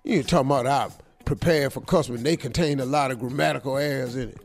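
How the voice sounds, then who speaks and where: A man's voice: medium pitch, fast, vocal fry, faint music behind, close to an everyday voice. A man doing a blunt, slangy 43-year-old manager. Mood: defiant. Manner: blunt, slangy, streetwise tough talk. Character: brash 43-year-old male manager confronting his older boss.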